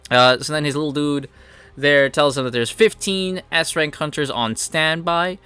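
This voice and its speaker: A man's voice: on the high side, normal speed, sharp tone, clean tone, faint music behind. A man casually recapping and reviewing comic chapters, rambling along with plenty of "like" and "you know".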